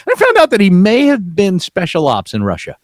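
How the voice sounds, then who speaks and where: A man's voice: high-pitched, wildly swooping pitch, brisk, dry recording. Profane rambling male storyteller. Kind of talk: casual storytelling chat.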